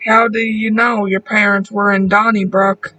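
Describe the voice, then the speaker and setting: A man voicing a weary, drunk man with a hoarse voice and blunt, brash talk. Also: high-pitched, little pitch movement, moderate pace, pushed and bright, low-quality recording. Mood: gruff.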